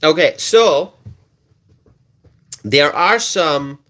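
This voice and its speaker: A man's voice: fairly high pitch, expressive, extremely slow, fairly bright tone. A man hosting a political live stream, who laughs often, repeats his words and reads viewer comments aloud. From United States.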